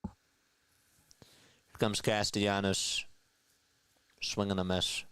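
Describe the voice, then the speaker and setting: Male fan play-by-play caller, fairly low and smooth voice, dry close mic, exasperated with the chat. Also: level tone, takes it slowly, a bit bright, dry recording. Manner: frustrated, talks back to the chat. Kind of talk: live fan play-by-play stream.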